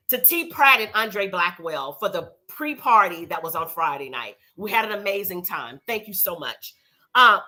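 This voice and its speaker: Lively, bright-voiced woman hosting a live show. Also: mid-range voice. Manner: chatty, sassy and animated, thanking sponsors. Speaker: show host. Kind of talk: casual live recap show.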